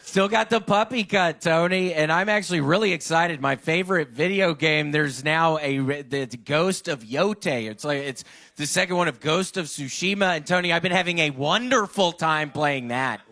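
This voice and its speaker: A man with a bright, forceful, somewhat high voice, doing deadpan, rambling comic banter on a live comedy stage. His talk is crude and comes in long wandering stories. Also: moderate pace.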